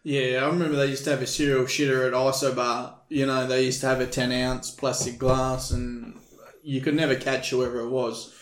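A man's voice: mid-range voice, flat delivery, moderate pace. Blunt man recalling security work. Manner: blunt, swearing, dry storyteller. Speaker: podcast guest. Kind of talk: casual storytelling chat. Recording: echoey room.

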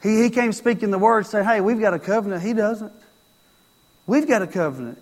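High-voiced man preaching in a reverberant hall. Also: lively intonation, a little fast. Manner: storytelling, acts out quoted lines, repeats phrases. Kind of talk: sermon.

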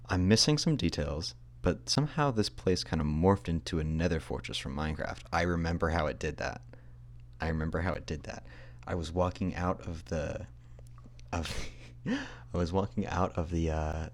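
A young man with a very deep, low-pitched voice tells a personal story casually. He rambles and is self-deprecating, laughing at himself as he goes. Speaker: podcast host.

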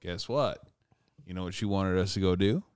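A man chats on a podcast in a low, smooth, clear voice, swearing casually as he tells a story. He sounds easygoing and jokes along with his co-host. The mic is close and dry. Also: moderate pace, no room sound. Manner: profane, laid-back, laughs along.

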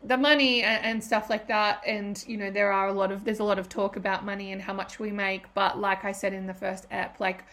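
A woman's voice: mid-range voice, little pitch movement, fairly quick, few pauses, fairly bright tone. Female host, 30s, loose unscripted solo podcast talk, emotional and profane. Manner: emotional, rambling, swears freely.

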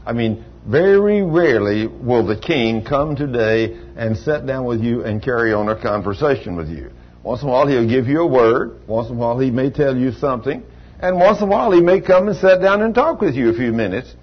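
A man's voice: medium pitch, expressive, brisk, breathy edge, dull audio. An older man preaching a sermon in a folksy storytelling manner, with plain everyday grammar.

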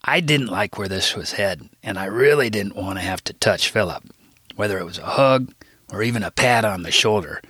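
A man reading his own book aloud in a wry, deadpan narration. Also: lowish voice, fairly quick, husky, dry recording, studio quality. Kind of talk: audiobook narration.

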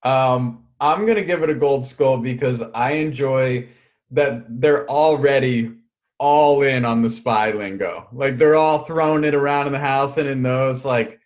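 A man's voice: medium pitch, unhurried. A man co-hosting a podcast in casual chat, wry and self-deprecating. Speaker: podcast co-host.

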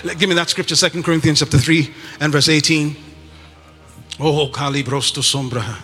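A man preaching a sermon to a congregation, emphatic and often shouting, repeating his phrases for effect. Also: fairly high pitch, steady tone, moderate pace, in a large hall, over music.

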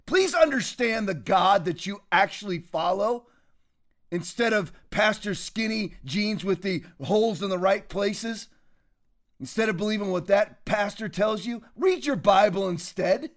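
A man with a high-pitched voice delivering fiery, preachy political commentary. He rants with sudden loud bursts and heated conviction. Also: animated, measured pace. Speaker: commentary show host.

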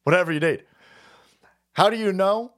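A man hosting a livestream, ranting crudely about politics and reacting to chat, cursing freely, laughing often and breaking into sudden shouts. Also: sits high, moderate pace. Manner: foul-mouthed, rowdy, laughs and shouts often. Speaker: livestream host.

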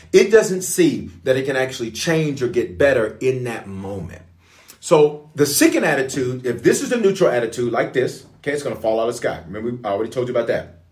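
A man preaching as a pastor, in a lively call-and-response sermon style. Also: medium pitch. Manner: call-and-response, animated, playful.

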